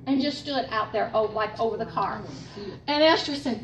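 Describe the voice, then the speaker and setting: An older woman telling a faith testimony to a church group, animated and storytelling. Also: on the high side, normal speed. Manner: animated storytelling, laughing through excited parts. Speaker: speaker giving a testimony. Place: room with a gathered group. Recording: roomy, distant mic with faint noise.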